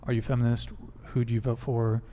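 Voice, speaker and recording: A man hosting a live-streamed dating panel, briskly reading viewer messages aloud and joking with guests. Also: medium pitch, little pitch movement, dark tone. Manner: brisk, reads donor messages aloud and jokes. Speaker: podcast host.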